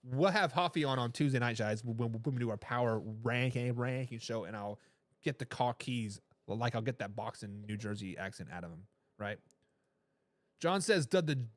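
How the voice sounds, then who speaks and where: Hosting a sports talk show, a man with a medium-pitched voice speaks emphatically, repeating phrases to drive his points home. He reads viewer comments aloud with a laugh, and there's no echo.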